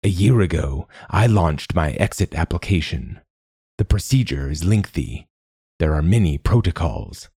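A man voicing an ancient, secretive machine god in a storybook reading, with a rasping, slow and measured delivery. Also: deep voice, expressive, mellow, dry recording, studio quality, exaggerated voice. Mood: solemn. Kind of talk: audiobook narration.

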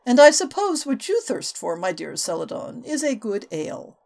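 A woman voicing a composed, quick-witted female spy with dry replies in an audiobook. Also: fairly high pitch, very animated, gravelly, darkish tone, pitched above the performer's own voice, exaggerated voice. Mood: wry. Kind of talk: audiobook character voice.

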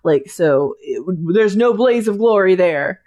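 A woman's voice: on the low side, lively intonation, a little slow, warm tone, muffled recording. A woman co-hosting a casual podcast, chatting about a TV show with lots of "like" fillers. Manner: chatty, many "like" fillers and restarts.

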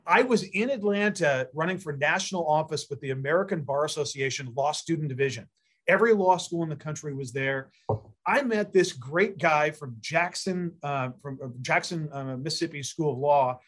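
A man's voice: fairly high pitch, expressive, normal speed, a bit bright. A middle-aged man, a mayor and a candidate for prosecutor, answering interview questions with long rambling stories full of fillers and restarts.

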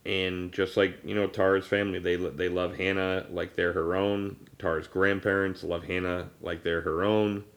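Deep-voiced man in his thirties, halting. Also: little pitch movement. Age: 30s. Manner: rambling, halting with many fillers and restarts. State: choked up. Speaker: podcast host. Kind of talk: casual personal conversation.

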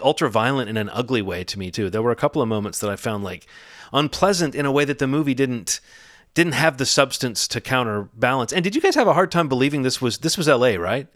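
A man's voice: mid-range voice, a bit bright, no echo, clean studio sound. A man giving his opinion of a film in a casual panel chat, rambling and correcting himself with a wry tone. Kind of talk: casual podcast discussion.

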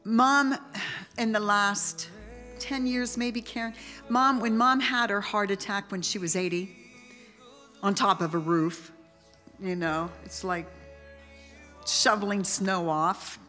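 A woman giving a heartfelt memorial tribute, talking in a halting, rambling way with many restarts. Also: mid-range voice, pushed and bright, faint music behind. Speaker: family member giving a eulogy. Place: memorial service hall. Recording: long reverb of a large hall.

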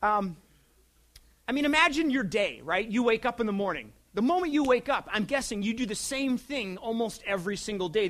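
A man in his thirties preaching a sermon as pastor, in a conversational way that swings from loud emphasis to hushed asides. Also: high voice.

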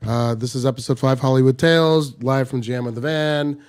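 A man's voice: medium pitch, normal speed, a little mellow, smooth. Playful man hosting a comedy podcast. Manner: playful, wraps up with plugs. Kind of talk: casual podcast chat.

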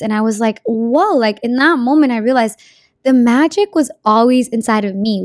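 Energetic young woman, slangy pep talk. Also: on the high side, no room sound, clean studio sound. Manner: energetic, slangy, swears freely, acts out quotes. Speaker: speaker sharing a personal story. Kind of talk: casual motivational talk.

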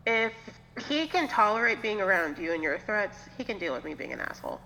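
Sassy woman with a bright voice. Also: mid-range voice, big pitch swings, a little fast. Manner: sassy, teasing, swears freely. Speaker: guest. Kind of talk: casual chat. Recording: lo-fi with hall reverb, faint hum.

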